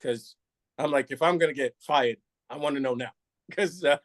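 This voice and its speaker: This middle-aged man's voice runs on the high side as he speaks at a moderate pace in a dry recording. A retired New York City police officer, he tells a candid, animated story, laughing often and acting out other people's lines.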